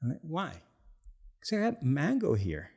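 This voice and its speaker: A man's voice: medium pitch, measured pace, creaky. A man co-hosting a podcast, telling a story casually with laughter and acted-out quotes. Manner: animated, laughing, acts out quotes. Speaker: podcast co-host and product founder.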